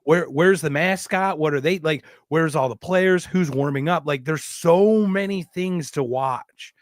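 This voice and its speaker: A high-voiced man hosts a casual podcast, telling stories with jokes and the odd swear. His voice sits close and dry, with no room around it. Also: unhurried, no echo. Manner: animated, joking, profane. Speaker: podcast host. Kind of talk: casual storytelling chat.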